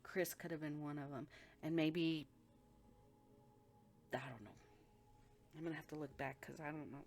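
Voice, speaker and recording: A woman's voice: low-pitched, fairly even intonation, moderate pace, a little mellow, a little hiss or hum. A woman giving a blunt, profane intuitive reading, talking emphatically as she reads the energy of the people involved. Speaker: spiritual reader.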